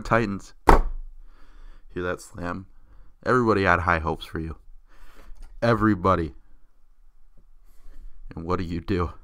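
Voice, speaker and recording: A man with a low, deep voice rants loosely about football, swearing freely and jumping between excitement and mockery. He is recorded up close, with a dry sound and no room echo. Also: measured pace, pauses often. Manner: profane, excitable, mocking. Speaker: sports vlogger. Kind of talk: casual football rant.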